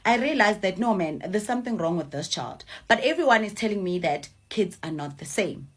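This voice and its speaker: A woman's voice: mid-range voice, expressive, fairly quick, breathy edge. A young South African woman whose first language is Swati tells her own story casually as a mother, repeating phrases for emphasis and slipping in Zulu and Swati words. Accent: South African English.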